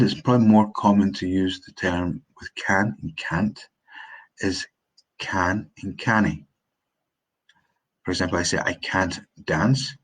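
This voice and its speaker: Low, husky-voiced Scottish man teaching. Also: rough recording. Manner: chatty, with hesitant restarts and slow, deliberate examples. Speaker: English teacher. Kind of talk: unscripted live-stream lesson.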